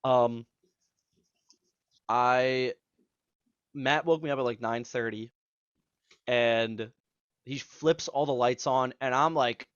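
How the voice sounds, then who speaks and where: A man's voice: mid-range voice, takes it slowly, pauses often, a bit bright, clean tone, dry recording. A man in his twenties, a podcast co-host, telling a rambling, profane story in casual chat and acting out what people said. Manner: rambling, profane, acts out quotes. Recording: slightly dull, dry audio.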